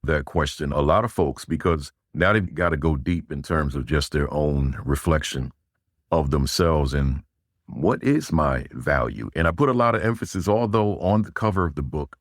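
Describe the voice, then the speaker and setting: Very deep-voiced man, emphatic speaker. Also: moderate pace, no room sound, studio quality. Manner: emphatic, rising on key words. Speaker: guest, school leadership speaker. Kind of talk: interview answers.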